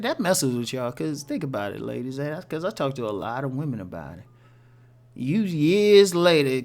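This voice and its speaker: A man hosting a casual relationship-advice monologue for women, talking bluntly with tough love and jokes. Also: high voice.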